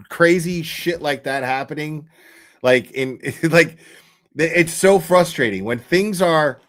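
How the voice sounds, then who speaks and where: A man with a mid-range voice talks at a close desk mic as a livestream host. He rambles and swears and gets worked up, often starting a sentence over. His pitch sits in the middle of the male range. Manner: animated, profane, emotional and rambling, with restarts. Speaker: livestream host reading case documents. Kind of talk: casual livestream commentary.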